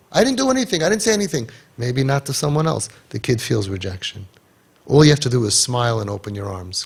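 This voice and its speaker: Man, inspirational speaker, gravelly voice, husky, impassioned, repeats himself for emphasis. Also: medium pitch. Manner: animated, acts out dialogue, repeats key phrases.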